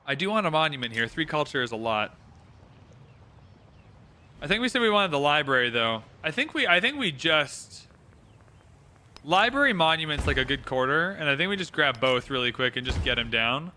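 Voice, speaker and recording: Young Canadian male streamer, upbeat chatter, fairly high and very bright voice. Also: sing-song, moderate pace, pauses often. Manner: chatty, reads out viewers' locations, swears casually. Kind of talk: casual livestream chat while playing.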